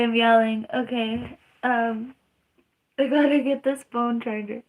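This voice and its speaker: A woman's voice: fairly high pitch, steady tone, a little slow, rough recording. A young woman chatting casually on a live stream while in pain and tearful, rambling, laughing through it and groaning. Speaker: livestreamer.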